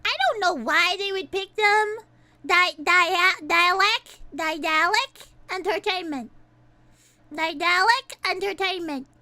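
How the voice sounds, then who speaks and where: A young woman streamer chatting casually, excitable and swearing, ranting and laughing a lot. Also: very high-pitched, slow, dry recording.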